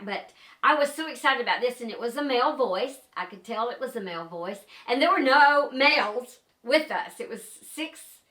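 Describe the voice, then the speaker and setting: An older woman, a paranormal investigator, telling a story to the camera in a chatty, lively way with many fillers. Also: mid-range voice, reverberant.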